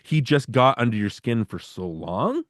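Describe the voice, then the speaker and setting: An enthusiastic man hosts a casual film podcast, rambling and restarting as he goes. His voice sits at a middle pitch. The sound is dry and close, with no room echo. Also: very animated, normal speed. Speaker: podcast host.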